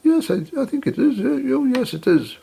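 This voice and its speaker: A man's voice: very high voice, very animated, normal speed, creaky, warm tone, breathy edge, voice pushed up, heavily acted. A man doing a flustered shop assistant lady. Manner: hesitant, flustered.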